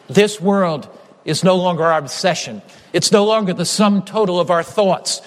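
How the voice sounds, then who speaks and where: Male preacher, high voice, emphatic sermon delivery, long hall reverb. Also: a bit bright. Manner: emphatic, repetitive phrasing, slows down on key lines.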